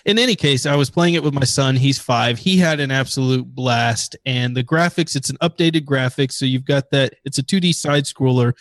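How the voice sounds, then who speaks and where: A man's voice: mid-range voice, normal speed, hardly any pauses, no room sound. Upbeat guy talking games on a podcast, dry close sound. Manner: enthusiastic, recommending games. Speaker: podcast co-host. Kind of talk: casual gaming chat.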